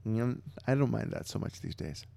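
A man co-hosting a podcast, telling stories about himself in an animated, self-mocking way. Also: on the low side, fairly quick, creaky. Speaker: podcast co-host. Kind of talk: casual chat.

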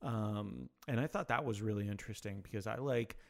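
A man's voice: lowish voice, a little fast, gravelly. A man co-hosting a casual podcast chat, wry and self-deprecating. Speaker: podcast co-host.

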